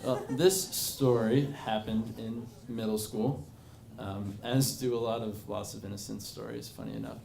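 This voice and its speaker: A man's voice: lowish voice, fairly even intonation, a little slow, vocal fry, few pauses, darkish tone. A man in his twenties telling a personal story to a live bar audience, rambling and self-mocking, with many fillers. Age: 20s. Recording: echoey bar with crowd noise.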